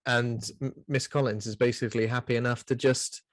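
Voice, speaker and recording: A man co-hosting a podcast, chatting playfully about a horror film and cracking quick jokes. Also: mid-range voice, level tone, no echo, studio quality. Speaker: podcast co-host. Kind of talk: casual film recap chat.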